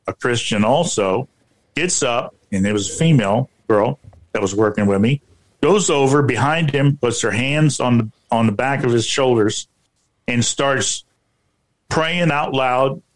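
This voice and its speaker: Speaking in a mid-range voice, a man who researches the paranormal recounts something that happened to him. His delivery is halting, with frequent repetition and "you know" filling the pauses.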